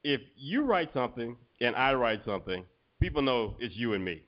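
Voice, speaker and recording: A man's voice: medium pitch, very animated, moderate pace. Easygoing guy on a podcast, laughs a lot, muffled sound. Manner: laid-back, laughs often, says "you know" a lot. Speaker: podcast co-host. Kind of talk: casual podcast chat. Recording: dull, muffled audio.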